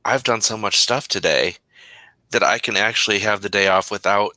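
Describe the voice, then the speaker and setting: A man co-hosting a casual livestream, easygoing and quick to laugh, chiming in with short remarks. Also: lowish voice, bright, forceful tone, dry recording.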